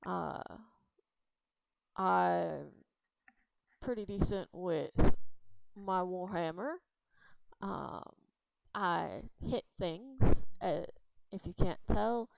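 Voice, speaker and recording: A woman's voice: on the low side, very slow, creaky, long pauses, no room sound, heavily acted. A woman voicing a blunt, matter-of-fact winged female warrior.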